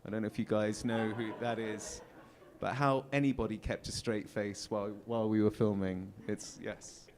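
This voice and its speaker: A man's voice: lowish voice, steady tone, moderate pace, a little mellow, slight background noise. An English man talking as a guest on a convention panel, telling casual anecdotes, chatty, laughing often and trailing into fillers. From England.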